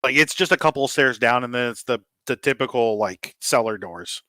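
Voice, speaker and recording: A man narrating and running a tabletop game as game master, relaxed and peppered with ums and uhs. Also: mid-range voice, a little fast, no room sound.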